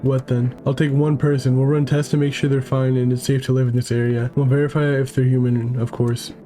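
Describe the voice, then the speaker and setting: A man voicing a calm, official male emergency agent in a horror game, speaking in formal, procedural sentences. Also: mid-range voice, brisk, faint music behind, close to an everyday voice.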